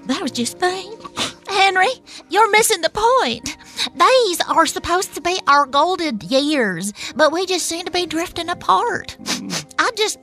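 A woman's voice: extremely high pitch, animated, a little slow, bright, forceful tone, soft background music, exaggerated voice. A woman voicing a retired older wife who scolds her husband and misses the romance they used to have, in a radio comedy sketch. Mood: scolding. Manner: scolding, wistful.

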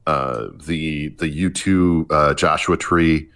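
A man with a very low, deep voice talks through a casual music conversation. He circles his points with fillers and repeated starts, sounding relaxed and unscripted. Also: takes it slowly. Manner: hesitant, many restarts and fillers. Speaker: podcast co-host.

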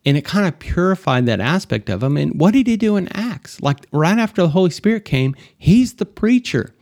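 A man's voice: high-pitched, sing-song, moderate pace, darkish tone, no room sound, clean studio sound. A man hosting a podcast, telling a personal faith story in a loose, rambling way with many fillers. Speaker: podcast host. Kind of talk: casual spoken testimony.

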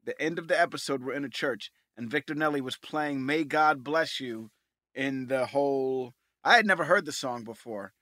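A man's voice: mid-range voice, normal speed, sharp tone, dry recording. A man co-hosting a podcast in loose, emphatic casual chat, throwing in "man" and "dude". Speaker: podcast co-host.

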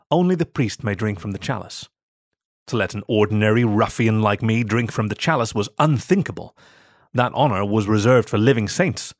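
A man narrating a first-person story in a steady, measured reading. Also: lowish voice, dry recording, clean studio sound.

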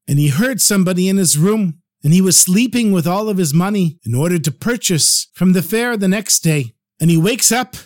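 A man telling a religious folk tale in a slow, dramatic storytelling manner. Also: sits high, dry recording, clean studio sound.

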